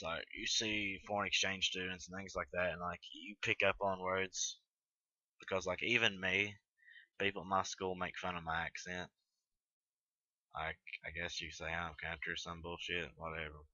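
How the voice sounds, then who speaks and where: A teenage man with a Tennessee Southern accent talks in a low, flat voice that stays on one pitch. He stumbles, trails off and swears offhand as he reads through a list of questions. His voice has a bright, hard edge, and the dull, dry lo-fi home mic adds no room sound. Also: no echo. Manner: mumbling, hesitant, trails off, casual swearing. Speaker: vlogger reading an accent tag. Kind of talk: casual unscripted chat.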